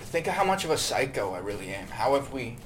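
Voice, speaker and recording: A man's voice: medium pitch, sing-song, quick pace, far from the mic. An enthusiastic young man co-hosts a casual podcast, swearing freely as he talks. A faint hiss runs under his voice. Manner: enthusiastic, crude. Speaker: podcast co-host. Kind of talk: casual chat.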